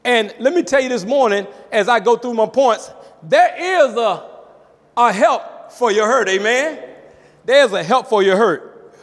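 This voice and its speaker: A male pastor preaching a sermon with emphatic call-outs, his voice sometimes rising to a shout. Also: very high voice, animated, a little slow, big-room sound.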